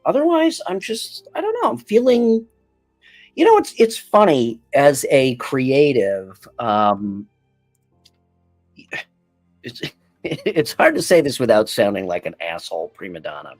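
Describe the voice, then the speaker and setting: A man in his forties chatting casually on a podcast, animated and quick to laugh, swearing freely. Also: medium pitch, no echo, faint music behind. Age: 40s. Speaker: podcast co-host and game master.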